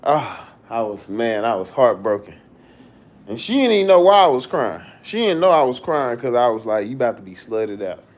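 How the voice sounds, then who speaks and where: Animated man telling a story with lots of laughs. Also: mid-range voice, normal speed. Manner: animated, laughing often, acting out quoted voices. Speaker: livestreamer. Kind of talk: casual storytelling on a livestream.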